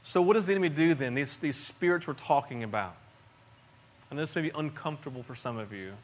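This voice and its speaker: Middle-aged male pastor, slightly high voice, earnest conversational preaching with hushed and loud swings. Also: fast. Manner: earnest and conversational, with frequent restarts and swings in loudness. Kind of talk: sermon.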